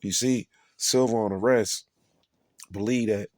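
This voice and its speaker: A man's voice: on the low side, steady tone, darkish tone, dry recording. A man delivering a profane, ranting sermon, repeating himself and constantly asking his listeners if they see. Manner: profane, repetitive, keeps asking "you see?"; emphatic, drawn-out stresses. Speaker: preacher. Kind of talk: ranting street sermon commentary.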